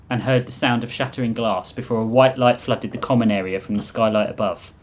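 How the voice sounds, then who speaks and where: A man's voice: on the low side, steady tone, brisk, hardly any pauses. Man reading his comic story, chuckling. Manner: chuckles at his own lines while reading. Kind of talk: reading a written comic sci-fi story aloud.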